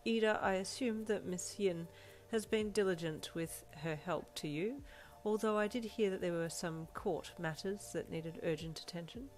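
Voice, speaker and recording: Woman reader playing a dry, matter-of-fact principal; lowish voice, faint music under it. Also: moderate pace, darkish tone, close to an everyday voice, poor audio. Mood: wry. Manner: restrained, matter-of-fact and wry. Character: dry, wry middle-aged woman school principal. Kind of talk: reading a fan fiction aloud. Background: faint backing music.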